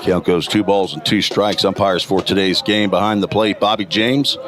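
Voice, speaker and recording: A man with a gravelly morning voice calling college baseball play-by-play, reading stats in a steady, detailed way. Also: deep voice, moderate pace. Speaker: play-by-play announcer. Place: outdoor college ballpark.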